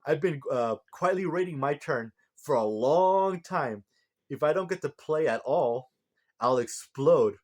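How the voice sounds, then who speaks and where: A man's voice: fairly high pitch, animated, unhurried. A man voicing a hyperactive, boastful male jackal god who keeps repeating himself eagerly. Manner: pushy, eager, repeats words.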